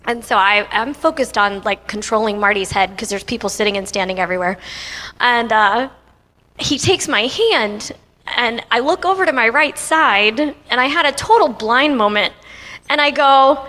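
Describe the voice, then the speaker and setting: A woman's voice: fairly high pitch, animated, normal speed, sharp tone. A young woman telling a personal story to an audience, chatty and laughing often, speaking into a handheld microphone in a convention hall. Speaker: guest speaker. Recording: reverberant hall.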